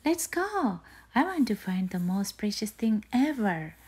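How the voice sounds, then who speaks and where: A woman voicing an eager little female bear cub in a bedtime storybook, high and squealing with wonder. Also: sing-song, measured pace, darkish tone, husky. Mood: excited.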